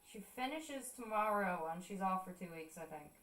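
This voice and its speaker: A woman's voice: medium pitch, expressive, moderate pace, a bit bright. A young Irish woman telling stories in casual chat, swearing freely and laughing often. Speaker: art streamer. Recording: roomy sound, distant mic.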